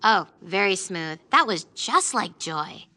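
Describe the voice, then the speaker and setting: A snooty cartoon emotion who drips sarcasm, her pitch rising and falling widely. A clear hiss of noise runs under the film audio. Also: expressive, slow, sharp tone. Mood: sarcastic. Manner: sarcastic, eye-rolling.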